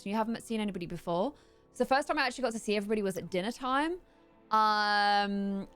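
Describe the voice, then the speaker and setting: A young woman chatting casually while playing a game, rambling with fillers and breaking into high excited squeals. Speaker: gameplay streamer. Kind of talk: casual chat over gameplay. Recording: faint music in background.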